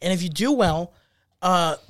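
A man co-hosting a podcast in casual chat, animated and rambling with lots of fillers. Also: sits high, a little slow, no echo. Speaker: podcast co-host.

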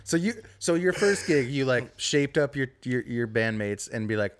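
A man's voice: medium pitch, lively intonation, moderate pace. Easygoing male talk show host. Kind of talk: casual interview chat.

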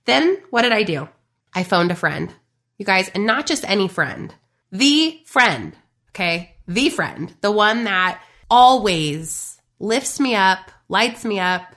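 A woman with a bright, ringing voice hosts a motivational podcast. She talks in a casual, emphatic monologue and keeps turning to her listeners to address them directly. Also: medium pitch, expressive, unhurried. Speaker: podcast host and business coach.

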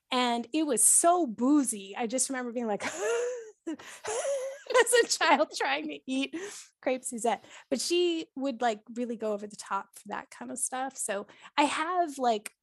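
A woman's voice: fairly high pitch, no echo, clean studio sound. A woman in her forties, from Canada, telling stories on a podcast in a chatty way with many fillers and frequent laughs. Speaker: podcast host being interviewed. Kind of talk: casual storytelling chat.

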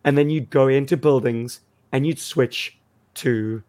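A man co-hosting a podcast in casual chat, with a croaky voice and an enthusiastic storytelling manner. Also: medium pitch, measured pace, darkish tone. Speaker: podcast co-host.

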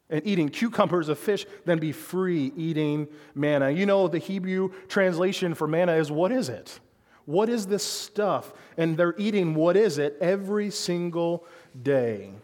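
Man preaching in a reverberant hall. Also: fairly high pitch. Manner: conversational preaching with frequent rhetorical questions. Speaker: pastor. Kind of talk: sermon.

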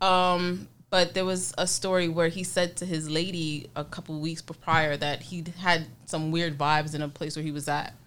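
A woman's voice: sits low, level tone, normal speed, few pauses, a bit bright, clean tone. A woman on a casual podcast, talking in an earnest, reflective way.

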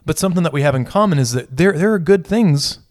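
A man's voice: a little high, lively intonation, quick pace, dry recording. Man, pastor, casual faith chat, rambling, self-correcting, dry close sound. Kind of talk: casual conversation about faith.

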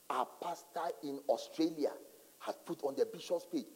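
A man's voice: a little high, slow pace. A man preaching a sermon as a pastor, telling stories dramatically and acting out voices. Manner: animated, dramatic storytelling with acted-out asides. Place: large church hall. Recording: long hall reverb in church.

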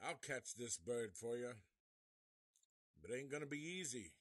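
A man voicing a grizzled old sea captain in a gruff, drawling way. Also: mid-range voice, expressive, normal speed, no echo, studio quality. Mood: menacing.

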